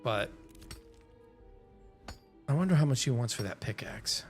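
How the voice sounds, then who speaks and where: A male game streamer at a medium pitch talks in a loose, rambling way, half to himself and half to his viewers. Faint music plays behind him. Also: animated, unhurried, a little mellow. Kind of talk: casual thinking aloud while gaming.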